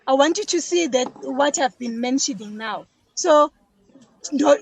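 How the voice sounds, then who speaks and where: Chatty and prone to repeating words, a South African detergent maker explains her craft as a business guest on a casual podcast interview. Her high-pitched voice has a breathy edge, and the recording is rough.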